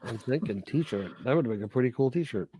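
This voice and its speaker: A man co-hosting a casual film review podcast, animated, laughing often and swearing freely. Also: medium pitch, normal speed, a crowd in the background. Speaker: podcast co-host.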